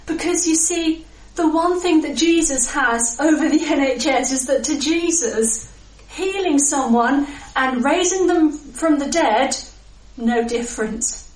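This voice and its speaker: A woman preaching a sermon in a reflective, measured way with pauses. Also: sits high. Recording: echoey room.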